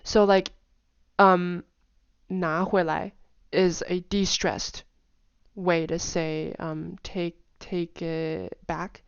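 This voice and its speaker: A woman with a fairly low voice talks through a casual lesson, singing strings of "da" syllables and repeating words rapidly to show pitch. She is chatty and peppers her speech with "like." The recording is dry and a little dull. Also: flat delivery, smooth, dry recording. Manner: chatty, with many "like" fillers and soft asides. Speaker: language teacher.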